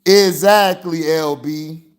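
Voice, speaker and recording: Male host of a casual movie-review stream, slightly high voice, unhurried, rambling and slangy delivery. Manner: rambling and slangy, full of "you know" fillers.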